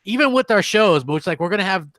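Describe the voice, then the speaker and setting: A man's voice: sits high, expressive, quick pace, fairly bright tone, no room sound. A man co-hosting a casual gaming podcast, opinionated and emphatic, often repeating himself. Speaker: podcast co-host.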